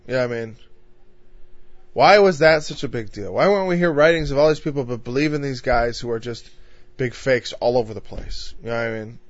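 A man's voice: fairly high pitch, no room sound. A man from northern Illinois leading an informal Bible study in a conversational way. He asks rhetorical questions and often says "you know.". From northern Illinois, USA. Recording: dull, dry lo-fi recording.

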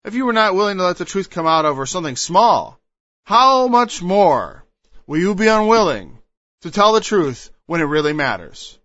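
Bright high-voiced male preacher. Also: sing-song, moderate pace, no echo. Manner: acts out quoted voices, emphatic, digressive. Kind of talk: sermon. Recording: dull, lo-fi dry recording.

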